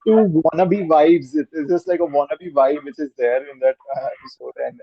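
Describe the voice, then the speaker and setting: Indian guy rambling on a podcast, kinda high voice, dry muffled mic. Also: brisk, dry recording. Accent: Indian English. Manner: rambling, repeats words, mixes Hindi into English. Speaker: podcast guest. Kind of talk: casual interview chat.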